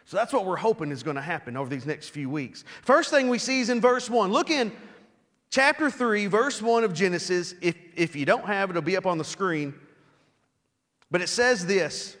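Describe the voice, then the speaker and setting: A man's voice: high voice, animated, normal speed, fairly bright tone, in a large hall. A man preaching a sermon in a casual, conversational way, often repeating words as he restarts a thought.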